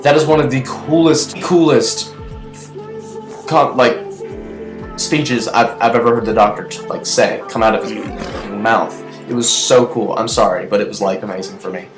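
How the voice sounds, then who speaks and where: A young man giving a casual, rambling TV episode review, chatty and excitable, full of fillers and restarts. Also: medium pitch, moderate pace. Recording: echoey room with faint music.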